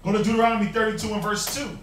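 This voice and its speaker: A man's voice: sits high, steady tone, racing, a little hiss or hum. A man teaching a Bible class, preaching emphatically with rhetorical questions and mocking quotes. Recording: echoey room, mic far off.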